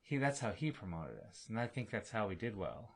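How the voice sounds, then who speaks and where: Deep-voiced male podcast guest, relaxed anecdotal storyteller, acts out quotes. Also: fairly quick, breathy edge. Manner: animated, laughing, acts out quotes in other voices. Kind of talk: casual storytelling.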